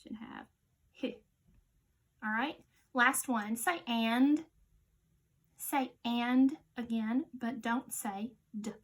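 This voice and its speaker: A woman teaching children a phonics lesson, giving slow, clear, patient instructions and dropping to a quiet voice for the answers. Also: a little high.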